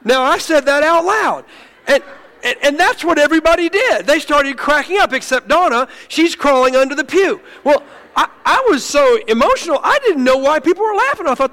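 A pastor telling a funny story in an animated sermon, stumbling and laughing as he goes. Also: extremely high pitch, fairly quick. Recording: long hall reverb.

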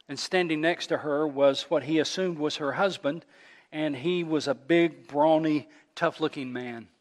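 A man preaching from the pulpit, his voice sitting a touch high for a man. He tells his story with rising intensity, pushing louder and higher at the emotional moments. The long reverb of a large sanctuary trails after every phrase. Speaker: pastor. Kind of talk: sermon.

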